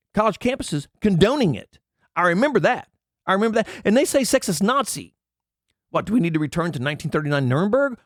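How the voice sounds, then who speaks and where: On his angry political commentary channel, a man reads items aloud and tears into them with indignant rants. His voice sits high. The sound is clean studio audio with no room echo.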